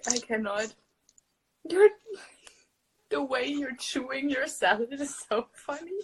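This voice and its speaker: A young woman hosting a casual phone livestream from her room at home, chatty and animated, often laughing. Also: a little slow, slightly rough, rough recording. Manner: giggly, animated, talks to her cat in a high voice. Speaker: livestream host.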